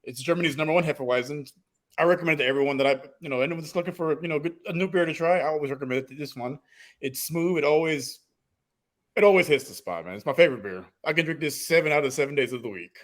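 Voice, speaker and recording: Man, fast talker, slightly high voice, podcast co-host, relaxed, enthusiastic. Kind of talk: casual podcast chat.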